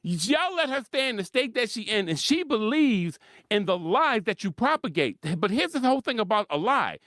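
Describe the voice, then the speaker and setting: A sports commentary host launches into a heated solo rant, his high, lively voice swinging widely in pitch as he laughs often and repeats his points for emphasis. He keeps a moderate pace, and the sound is close and dry with no room around it.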